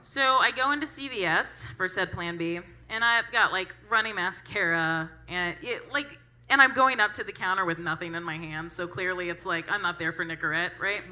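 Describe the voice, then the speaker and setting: A young woman performing a stand-up set with a brash, animated delivery and plenty of swearing. Her voice is very bright and sharp. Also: fairly low pitch, normal speed. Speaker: stand-up comedian.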